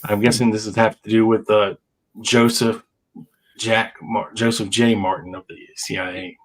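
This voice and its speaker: A man's voice: fairly low pitch, little pitch movement, moderate pace, rough recording. A podcast host in his fifties chatting casually and reading old legal papers aloud with wry asides. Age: 50s.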